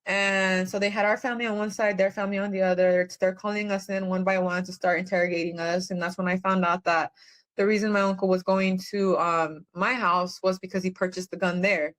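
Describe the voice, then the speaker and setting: A woman's voice: medium pitch, level tone, brisk, a bit bright. A woman, a guest on a podcast, telling her own story in a rambling, earnest way with many fillers. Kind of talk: personal testimony in conversation.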